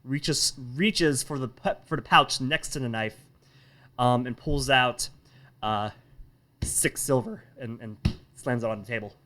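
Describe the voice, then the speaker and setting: Halting male game master, average pitch, narrating a tabletop game. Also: bright, forceful tone. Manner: halting, with many restarts and fillers.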